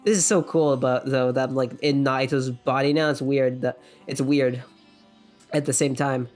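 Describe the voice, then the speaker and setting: A woman's voice: a bass voice, fairly even intonation, moderate pace, darkish tone, soft background music. A woman playing a game on a let's play channel, thinking aloud and reading the characters' lines in a plain voice. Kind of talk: casual game commentary reading dialogue aloud.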